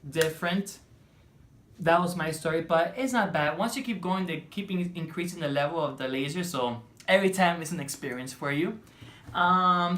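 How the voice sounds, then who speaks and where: A woman chatting through a storytime vlog, animated and chatty, acting out bits of dialogue. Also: low voice, a little hiss or hum. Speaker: vlogger.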